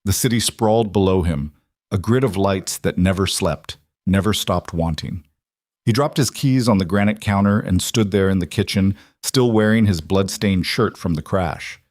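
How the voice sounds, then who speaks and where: A male narrator reads a dramatic story in a steady, even manner. His voice sits on the low side and is recorded dry and close, with no room sound. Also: no room sound.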